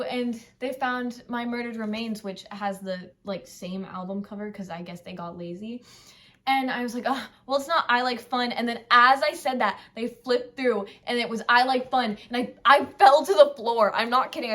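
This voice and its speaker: A teenage girl vlogging in casual chat, gushing and rambling excitably about music she loves. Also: a little high.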